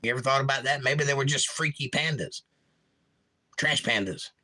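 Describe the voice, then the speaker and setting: A man's voice: medium pitch, normal speed, sharp tone, low-quality recording. A man hosting a casual livestream, reading viewer comments aloud and joking about them in a playful way. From Florida. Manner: jokey, reads chat aloud with goofy voices. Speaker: livestream host.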